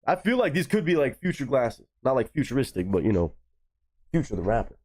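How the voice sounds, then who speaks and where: A man's voice: mid-range voice, sing-song, fairly quick, a little mellow, husky. A young man chatting casually and goofily on a live stream, swearing freely and joking around.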